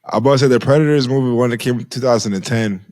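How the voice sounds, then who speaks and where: A man's voice: medium pitch, rapid-fire, a little mellow, no room sound. A man co-hosting a podcast in casual chat, rambling and saying "bro" a lot. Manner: loose, rambling, says "bro" often. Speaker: podcast co-host.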